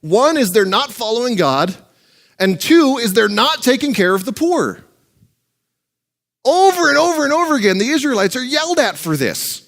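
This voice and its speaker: A man's voice: very high-pitched, sing-song, normal speed, a bit bright. A male pastor preaching a sermon in a joking, conversational way.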